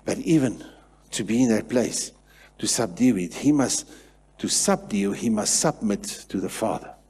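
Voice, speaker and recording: A man preaching a sermon in church, swinging between hushed passages and loud, repetitive declarations. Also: on the low side, lively intonation, unhurried, husky. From South Africa. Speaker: pastor.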